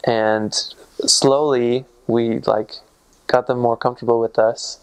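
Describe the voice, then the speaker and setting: Relaxed rambling vlogger man. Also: mid-range voice, slow pace, smooth. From United States. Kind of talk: casual vlog talk.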